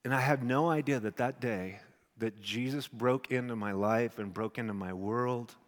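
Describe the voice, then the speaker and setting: A man's voice: medium pitch, moderate pace. Man pastor telling his testimony in a hall. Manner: animated storytelling, swings from hushed to near shouting. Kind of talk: sermon testimony. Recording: long hall reverb.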